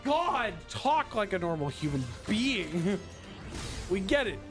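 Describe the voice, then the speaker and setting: A man's voice: high voice, very animated, slow pace, over music. Sarcastic man riffing on a video game. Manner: sarcastic, mocking the game's dialogue. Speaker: streamer playing a video game. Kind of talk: casual, profane game commentary.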